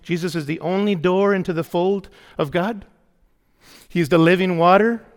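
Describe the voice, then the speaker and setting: A man's voice: high-pitched, normal speed. A man preaching a sermon as pastor, emphatic and repetitive, putting questions to the congregation. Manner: emphatic preaching, repeating key phrases, asking the congregation questions. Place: church. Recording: long hall reverb.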